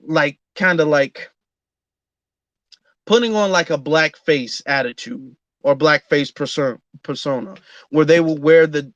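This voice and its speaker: A man's voice: on the high side, no echo, lo-fi sound. A man hosting an online audio room, talking in an earnest casual monologue with frequent fillers and restarts. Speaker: host.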